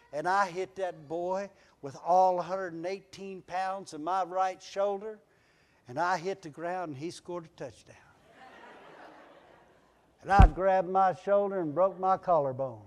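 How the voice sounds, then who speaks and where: A man pastor preaching a folksy sermon in a church, building to near-shouts on his refrains. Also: high-pitched. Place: church sanctuary.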